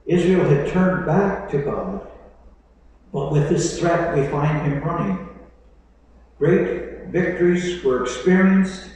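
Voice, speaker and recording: A man's voice: fairly high pitch, expressive, slow pace, a little mellow, slight background noise. A man preaching a sermon as a pastor, reading scripture aloud and breaking into conversational asides. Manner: preaching with dramatic quoted voices, conversational asides. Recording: echoey hall, mic at a distance.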